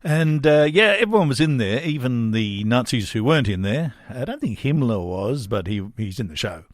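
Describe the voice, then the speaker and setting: Podcast host: middle-aged Australian man, wry and rambling, mid pitch, very dry sound. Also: sing-song, normal speed, no room sound. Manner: chatty, wry, rambling with fillers. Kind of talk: casual podcast monologue.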